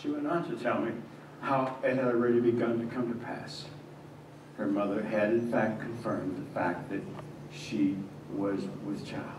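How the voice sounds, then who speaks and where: A male pastor playing a devout young carpenter, telling his story in the first person with stammers and swings between hushed and agitated moments. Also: lowish voice, fairly even intonation, moderate pace, lightly acted. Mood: earnest. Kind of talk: first-person dramatic monologue in a church. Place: church sanctuary. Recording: echoey church from a distance, faint hiss.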